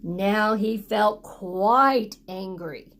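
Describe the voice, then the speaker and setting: A woman reading a picture book aloud to children, pausing often to ask them to join in with actions. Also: medium pitch, a bit bright. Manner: interactive, prompting children to act along. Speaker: storytime reader for children.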